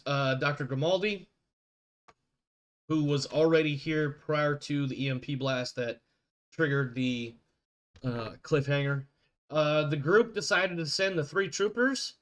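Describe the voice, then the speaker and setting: A man serving as game master for an online tabletop game, his voice sitting a little higher than most men's. He talks in a loose, rambling way, stopping to correct himself as he goes. He is heard over a voice call. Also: unhurried, pauses often, a bit bright.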